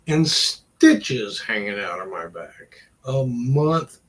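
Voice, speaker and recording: A man's voice: medium pitch, very animated, takes it slowly, hardly any pauses, a bit bright, poor audio. A middle-aged man rambling in a casual vlog, wry and self-deprecating, trailing off between thoughts. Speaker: vlogger.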